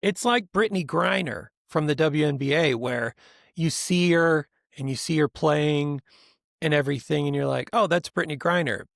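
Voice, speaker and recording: A man co-hosting a podcast in casual chat, rambling and animated, often mimicking other people's voices for laughs. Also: on the high side, moderate pace, vocal fry, no echo, clean studio sound. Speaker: podcast co-host.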